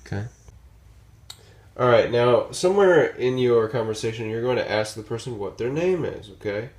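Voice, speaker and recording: A man's voice: medium pitch, lively intonation, normal speed, a little mellow. A man teaching a language lesson at a whiteboard in a casual, patient way, repeating phrases and checking in with "okay?" and "right?". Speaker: Spanish teacher.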